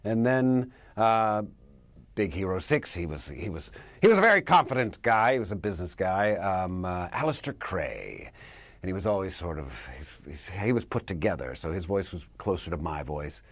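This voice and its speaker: A man, an actor, answering interview questions in an animated way, laughing often and dropping into character voices. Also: sits low, moderate pace, dry recording.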